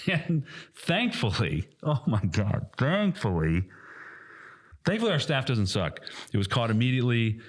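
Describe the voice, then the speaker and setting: Animated swearing man telling a story. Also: mid-range voice, unhurried. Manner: animated storyteller, swears a lot, acts out quotes loudly. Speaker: podcast co-host and airsoft field staff. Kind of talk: casual podcast chat.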